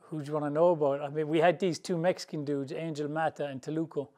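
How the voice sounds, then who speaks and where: A boxing trainer from England spins casual, rambling anecdotes with a slightly raised pitch. He talks loosely and colloquially and laughs easily through his stories. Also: level tone, fast, a little mellow. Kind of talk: storytelling interview answers.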